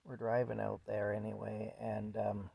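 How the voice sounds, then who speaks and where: A man's voice: on the low side, monotone, moderate pace, gravelly, warm tone, breathy edge, dry recording. A man casually telling a rambling story at home, with chuckles and fillers. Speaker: vlogger telling stories.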